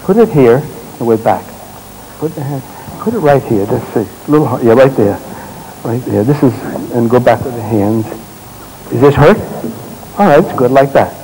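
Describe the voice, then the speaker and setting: A male therapist works through a live demonstration on a conference stage, giving short, calm commands and then turning to explain what he sees. His pitch sits in an ordinary middle range, and a faint hiss runs under the recording. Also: moderate pace, long pauses, rough recording. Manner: gentle, directive coaching with short commands. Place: stage at a congress.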